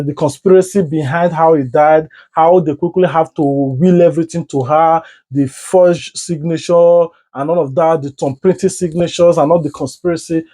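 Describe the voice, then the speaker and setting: Nigerian male host, high pitch, animated opinion piece, plays out both sides. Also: low-quality recording. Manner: animated, acts out arguments with rising voice. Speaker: commentary show host. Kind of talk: opinionated commentary.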